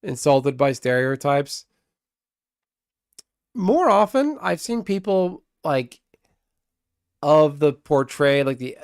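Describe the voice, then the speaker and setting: A man streaming a card game live, chatting casually with viewers, excitable and swearing freely. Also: fairly high pitch, clean tone, no room sound, studio quality.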